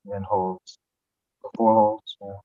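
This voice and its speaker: A podcast guest rambles through a story in casual conversation, swearing often and laughing as he goes. His voice is lowish and level, at a normal speed, with no echo, though the recording has a dull lo-fi sound.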